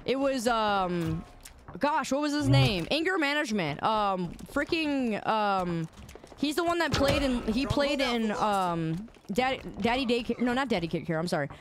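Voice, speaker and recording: A woman game streamer in casual live-stream chat, playful and teasing, arguing loudly with her chat. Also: fairly high pitch, lively intonation, unhurried, noisy background. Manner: playful, teasing and argumentative, loud when riled.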